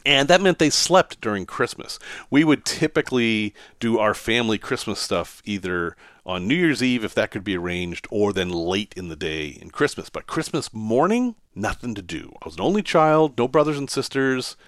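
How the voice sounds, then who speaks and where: A man's voice: lowish voice, very animated, moderate pace, fairly bright tone, no echo, clean studio sound. A man, telling personal stories as a podcast host in a casual monologue and chuckling often. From Massachusetts, USA.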